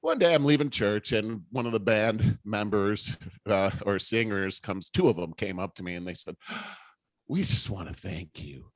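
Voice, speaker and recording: A man in his fifties co-hosting a casual talk show, emotional and quick to laugh, rambling with many restarts. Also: on the low side. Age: 50s. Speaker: podcast co-host. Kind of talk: casual chat.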